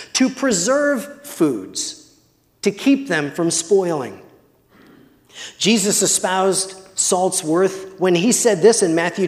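A man preaching a sermon as pastor, measured and deliberate, sometimes putting questions to the congregation. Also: high voice. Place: church. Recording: long hall reverb.

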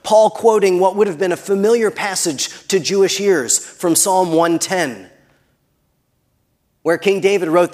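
A man preaching a sermon who builds to emphatic peaks and then drops very soft. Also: high voice, unhurried. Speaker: pastor.

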